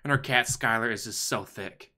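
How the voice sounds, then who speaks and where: A man's voice: medium pitch, moderate pace, bright, forceful tone. A man hosting a casual livestream, commenting on videos in a profane, sarcastic, mocking way. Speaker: stream host.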